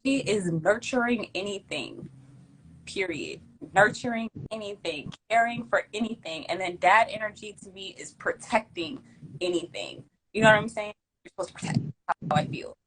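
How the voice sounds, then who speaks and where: A young woman hosting a casual livestream, giving emphatic, slangy shout-outs and thanks to her viewers. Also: mid-range voice, normal speed, a little hiss or hum, low-quality recording. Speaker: livestream host.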